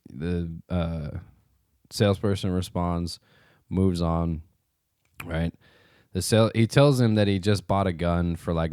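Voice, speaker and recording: A man's voice: deep voice, a little mellow, clean tone, no echo, clean studio sound. A man co-hosting a podcast, telling a rambling anecdote in casual chat, full of fillers and quoted dialogue. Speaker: podcast co-host.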